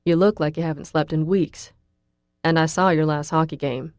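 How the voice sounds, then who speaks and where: A woman's voice: sits low, fairly even intonation, moderate pace, a little mellow, no room sound, studio quality, lightly acted. A woman voicing a large, protective young college man who teases bluntly and speaks matter-of-factly, in an audiobook. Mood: teasing. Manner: blunt, teasing, matter-of-fact. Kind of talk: audiobook character voice.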